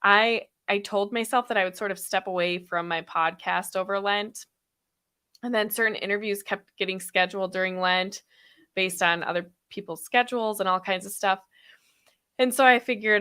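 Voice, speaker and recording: A woman in her thirties hosting a podcast live stream, talking fast and chatty with frequent laughs, her throat a little sore after being ill. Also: medium pitch, fairly even intonation, sharp tone, clear, resonant tone. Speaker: podcast host. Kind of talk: casual live stream chat.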